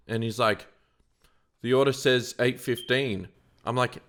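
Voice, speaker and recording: A man's voice: mid-range voice, measured pace, long pauses. A man co-hosting a casual podcast, telling stories and acting out the people in them. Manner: animated storyteller, acts out quotes loudly. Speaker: podcast co-host.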